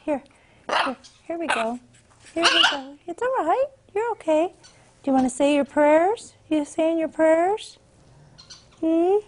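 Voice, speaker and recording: A woman's voice: very high-pitched, animated, measured pace, long pauses, heavy background noise. Woman coaxing her parrot in baby talk. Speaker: parrot owner. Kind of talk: casual talk to a pet.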